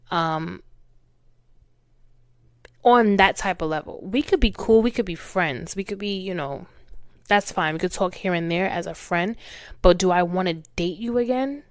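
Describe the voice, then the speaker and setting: Candid young woman chatting, smooth low voice. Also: a little slow, long pauses, no room sound. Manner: candid, chatty, laughs at herself. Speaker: podcast host. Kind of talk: casual chat.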